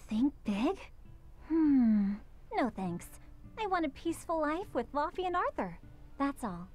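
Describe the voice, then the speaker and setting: A composed young woman in a video game, a protective older sister with a fairly high voice. She speaks calmly, levelly and with quiet firmness, over faint game music. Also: measured pace. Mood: calm firm. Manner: calm, level, quietly firm. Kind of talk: game voice acting.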